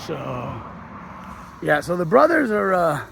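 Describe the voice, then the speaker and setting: A man's voice: sits high, big pitch swings, unhurried, gravelly, fairly bright tone, a little hiss or hum. A middle-aged man, a hotel host, retelling a Bible story in a loose, slangy, rambling way. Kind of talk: casual storytelling.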